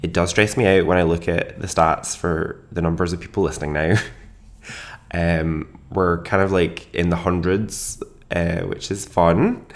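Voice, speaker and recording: A man hosting a solo podcast in casual chat, chatty and self-deprecating, laughing often. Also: low-pitched. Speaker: podcast host.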